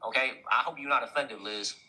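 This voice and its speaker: Bright-voiced man with a Chicago accent. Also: medium pitch, fairly quick, poor audio. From immigrant raised in Chicago. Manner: emphatic, repeats himself, thanks viewers mid-sentence. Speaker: livestream host. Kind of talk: casual livestream chat.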